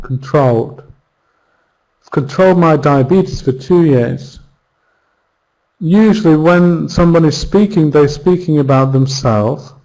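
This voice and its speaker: A man's voice: medium pitch, gravelly, darkish tone, poor audio. A man teaching pronunciation in an online class, patiently drawing out spoken examples.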